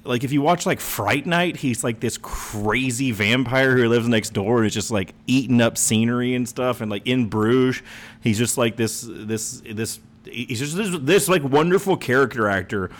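This thirties-aged podcast co-host, medium-pitched and moderately paced, keeps the casual chat lively and foul-mouthed. Now and then he slips into mocking impressions.

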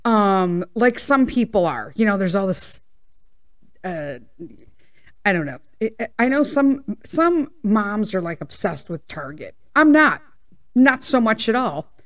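A woman, hosting a casual personal podcast chat, rambling and laughing and sometimes getting loud. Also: medium pitch, sing-song, slow pace. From Midwest US. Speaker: podcast host.

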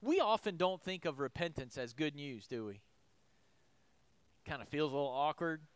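A man preaching a sermon as pastor, asking rhetorical questions and swinging between loud emphasis and soft asides. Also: fairly high pitch, expressive, moderate pace, clean tone, no room sound.

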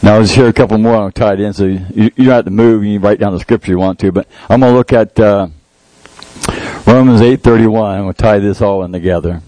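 A man's voice: lowish voice, fast talker, dark tone, no echo, low-quality recording. A man giving an informal, folksy sermon, joking about himself and reading scripture aloud. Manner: folksy, jokey, laughs at himself, quotes scripture. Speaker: lay preacher.

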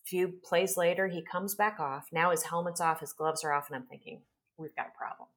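A woman in her forties, a podcast guest telling a story with lively energy and acting out what others said. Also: lowish voice, a little fast. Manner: animated storyteller, acts out quoted speech. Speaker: guest, healer and trauma specialist.

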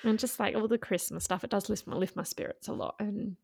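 A woman's voice: mid-range voice, fairly even intonation, quick pace, creaky, darkish tone, breathy edge, dry recording, studio quality. A woman, co-hosting a podcast and chatting casually about family life, laughing often and saying "like" a lot. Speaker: podcast co-host, parent. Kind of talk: casual chat.

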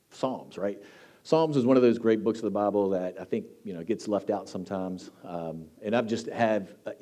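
Casual church preacher, man, mellow warm tone, chatty and joking. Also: lowish voice. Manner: conversational, joking, frequent fillers and restarts. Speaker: teaching team preacher. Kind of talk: casual sermon. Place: church hall with congregation.

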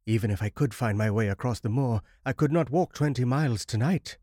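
A man's voice: lowish voice, steady tone, fast, warm tone, no room sound, studio quality, close to an everyday voice. A man voicing an anxious young husband and lost traveller in a horror story reading, eager and pleading.

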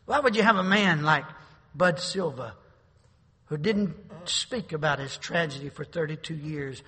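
A man's voice: on the high side, husky. Man preaching in an echoing church. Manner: preaching with sudden shouted climaxes. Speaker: pastor. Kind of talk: sermon. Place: church sanctuary. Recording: reverberant church sanctuary.

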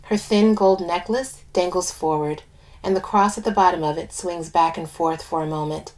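A woman's voice: on the low side, normal speed, a little mellow. A woman narrating a first-person story expressively, putting on voices for the characters.

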